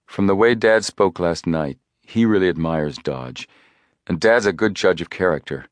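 A man reading the part of a steady, level-headed teenage boy detective in a storybook. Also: low voice, normal speed, dry recording, close to an everyday voice. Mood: reasoning.

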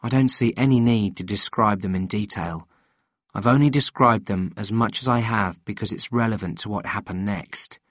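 A man reading a novel aloud in measured, steady scripted narration. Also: fairly low pitch, no echo, studio quality. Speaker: audiobook reader.

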